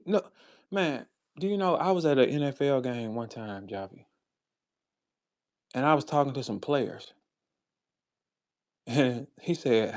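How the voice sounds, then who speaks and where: A man with a St. Louis accent hosting a casual chat, telling stories loudly and acting out dialogue. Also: unhurried, long pauses, no echo. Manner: animated storyteller who acts out dialogue with big pitch jumps. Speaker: host. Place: online audio space.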